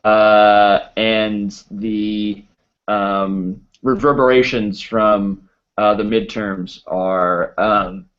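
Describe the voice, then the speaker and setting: A man hosting a casual podcast chat, halting and full of fillers and restarts, on a dull lo-fi recording. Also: fairly low pitch, fairly even intonation. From United States. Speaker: podcast host.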